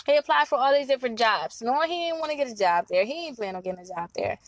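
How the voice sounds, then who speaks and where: Chatty Milwaukee woman, higher voice. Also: expressive, quick pace, no room sound, rough recording. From Milwaukee, Wisconsin. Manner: chatty, laughs often, acts out clients' voices. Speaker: credit repair advisor. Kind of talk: casual to-camera advice talk.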